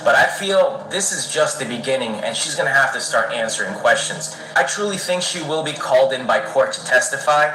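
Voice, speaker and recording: A man's voice: mid-range voice, lively intonation, brisk, few pauses, pushed and bright. Man narrating celebrity news, roomy.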